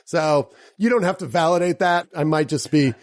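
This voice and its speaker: A man's voice: a little high, moderate pace. A man hosting a podcast, reading an introduction and then chatting with guests in an upbeat, joking way. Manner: upbeat, joking, playful asides. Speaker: podcast host. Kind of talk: scripted intro, then casual interview chat.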